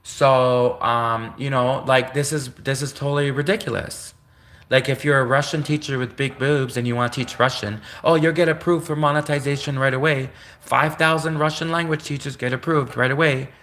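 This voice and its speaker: A man's voice: medium pitch, steady tone, normal speed, a bit bright. A man from Canada, ranting indignantly on a solo livestream in a rambling way, with joking asides.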